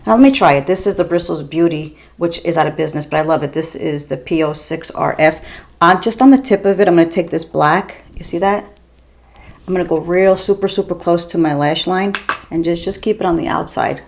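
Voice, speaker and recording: A woman's voice: fairly low pitch, a little fast, darkish tone. A woman in her fifties from the US East Coast, chatting bluntly while she does her makeup at home, with the odd swear word. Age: 50s. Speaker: beauty vlogger. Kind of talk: casual makeup tutorial chat.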